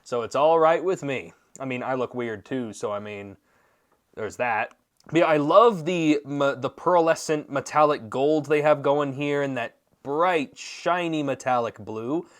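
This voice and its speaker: A man talking through a toy review at an easy middle pitch, playful and chatty, tossing in goofy jokes as he goes. The voice stays close-miked and casual throughout. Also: unhurried. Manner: jokey and playful, with goofy asides. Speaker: toy reviewer and channel host.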